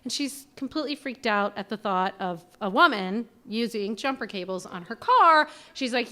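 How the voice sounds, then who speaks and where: A woman in her forties telling a personal story live on a small theater stage. Her voice is bright and slightly high, and she talks in an animated, self-deprecating way. She acts out the voices of the people she quotes. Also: moderate pace, hardly any pauses.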